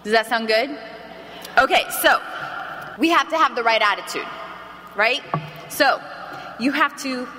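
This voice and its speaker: High, bright woman trainer in a hall. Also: unhurried, pauses often. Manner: energetic, animated, acts out phone calls. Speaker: sales trainer. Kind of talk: motivational training talk to an audience. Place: large hall with an audience. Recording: reverberant hall, faint background noise.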